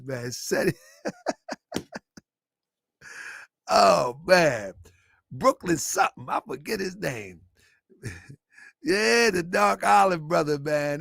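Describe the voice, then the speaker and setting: A middle-aged man hosts a casual commentary show, his raised voice swinging widely up and down. There is a gravelly rasp to his delivery. He rambles, repeats phrases, and breaks into laughter, all captured dry and close. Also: a little high, measured pace, no room sound. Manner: animated, rambling, repeats himself, bursts of laughter. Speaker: show host.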